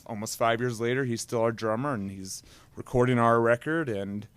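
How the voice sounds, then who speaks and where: A man's voice: mid-range voice, moderate pace, clean tone. A man, a musician guest, chatting casually and rambling with laughing asides. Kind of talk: casual chat.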